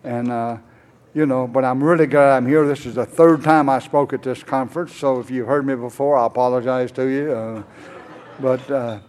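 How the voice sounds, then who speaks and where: In a conference hall, an older man with a medium-pitched, darkish voice gives a rambling, folksy personal testimony at normal speed with fairly even intonation. He fills it with many "uh"s and acts out both sides of conversations.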